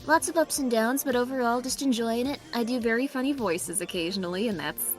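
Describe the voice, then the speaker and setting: A woman's voice: on the high side, brisk, soft background music. A woman being interviewed as a guest in a casual chat, modest and playful, laughing easily. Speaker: guest streamer.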